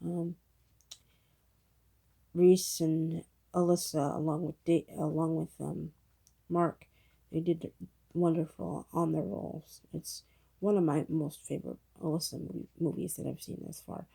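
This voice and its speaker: A woman's voice: deep voice, level tone, unhurried, gravelly, pauses often, mellow, breathy edge. A woman giving a casual, rambling spoken movie review, retelling the plot with lots of fillers.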